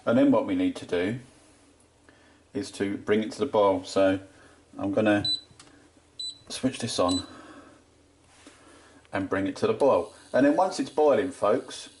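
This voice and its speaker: Brief: man, deep voice, easygoing jokey how-to host, faint hiss behind. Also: a little slow, pauses often, darkish tone. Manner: chatty, jokey, addresses viewers as folks. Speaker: homebrew video host. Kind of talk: casual how-to narration. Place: home conservatory.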